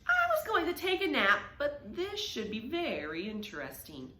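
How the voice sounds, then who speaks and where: A woman's voice: high voice, wildly swooping pitch, moderate pace, sharp tone, roomy sound, pitched above the performer's own voice, full character voice. A woman reading aloud and voicing a sleepy, curious female farm cat in a storybook. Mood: amused.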